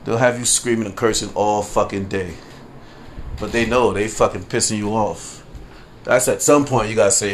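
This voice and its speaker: A man's voice: fairly low pitch, fairly even intonation, moderate pace, a little hiss or hum. Profane man ranting on a podcast. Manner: profane, conversational, frequent "you know what I mean"; laughs through stories. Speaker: podcast host. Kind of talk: casual solo rant.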